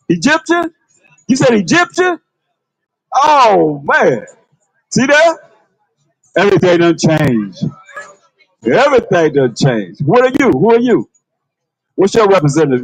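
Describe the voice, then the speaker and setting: A man preaches outdoors on a busy street, his voice sitting high and leaping all over the place. He confronts the crowd and calls out to passersby. The sound is dry and close. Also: no room sound, rough recording.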